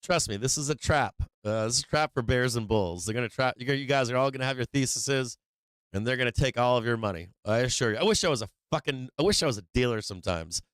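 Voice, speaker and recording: A man hosting a live trading stream, talking casually and excitedly, swearing freely and laughing often. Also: mid-range voice, fast talker, clean tone, no room sound. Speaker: livestream trading host. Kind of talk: casual livestream chat.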